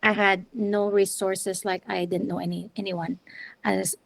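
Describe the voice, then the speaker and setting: A middle-aged woman from the Philippines, telling her story as an interview guest in a chatty, animated way with lots of restarts. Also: mid-range voice, a little slow, gravelly, dry recording. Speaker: interview guest, wedding planner and videographer.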